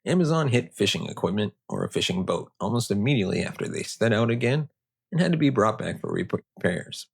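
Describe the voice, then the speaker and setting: A man's voice: lowish voice, sing-song, brisk, creaky, breathy edge. A man hosting a history podcast, telling the story casually with sarcastic, joking asides. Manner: casual, sarcastic, riffing off-script. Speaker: podcast host.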